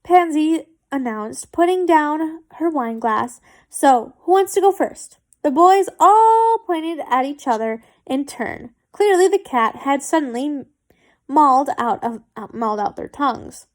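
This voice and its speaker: A woman's voice: sits high, animated, unhurried. A woman reading fan fiction aloud, stumbling and correcting herself, with chatty asides.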